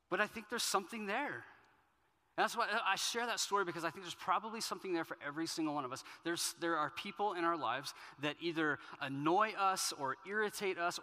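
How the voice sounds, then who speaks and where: A man preaches in a church, his voice bright and forward. He tells stories casually and pokes fun at himself. The sound rings out with a long hall reverb. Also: fairly high pitch. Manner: conversational storytelling with self-deprecating humor. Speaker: pastor. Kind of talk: sermon. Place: church auditorium.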